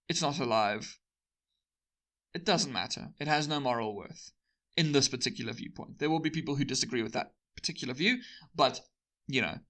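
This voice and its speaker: A man's voice: medium pitch, sharp tone. A man explaining ethics in an informal, rambling lecture with sarcastic asides. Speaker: educational video host.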